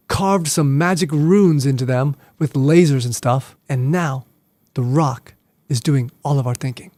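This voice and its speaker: A man's voice: fairly high pitch, a little mellow, dry recording. A middle-aged man, a martial arts instructor, explaining things in a casual, playful way with joking asides.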